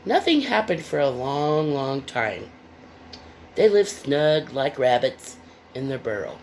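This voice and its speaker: A woman's voice: very deep voice, takes it slowly, slight background noise. A woman reading a picture book aloud with playful, chatty asides to young listeners. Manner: playful, expressive.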